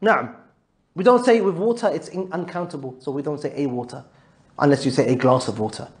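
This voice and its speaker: A man's voice: a little high, fairly quick. A man teaching a live Arabic grammar class, patiently quizzing his students and mixing English with Arabic terms. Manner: patient, drills students with repeated questions.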